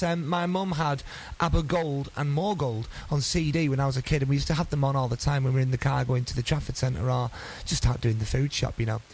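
A man's voice: a little high, rough recording. A man, presenting a local radio show and chatting between songs in a rambling, self-deprecating way. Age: 30s. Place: radio studio. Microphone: studio microphone.

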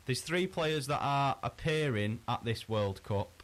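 A relaxed man reads out quiz questions in easy, conversational chat. He talks in a mid-range voice, loose and unhurried, and circles back over his own words. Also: medium pitch. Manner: chatty, easygoing, frequent restarts. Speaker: quizmaster. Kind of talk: casual podcast chat.

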